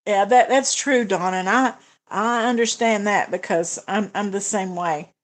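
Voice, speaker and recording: A woman's voice: mid-range voice, unhurried. A woman hosting a budgeting livestream, chatting casually with viewers and answering their comments, with frequent fillers and restarts. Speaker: budgeting channel host.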